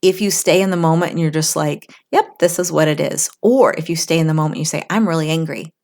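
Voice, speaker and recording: A middle-aged woman with a notably low voice talks things through on a podcast. She is reflective and casual, often acting out someone's inner thoughts as little quoted asides. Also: fast, a little mellow. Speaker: podcast co-host. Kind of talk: casual chat.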